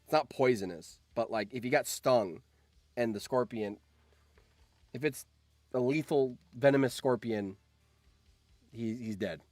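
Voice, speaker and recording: A young man streaming, reacting to a game, excitable and swearing, with sudden shouts. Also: mid-range voice, measured pace, pauses often, no room sound, faint music behind.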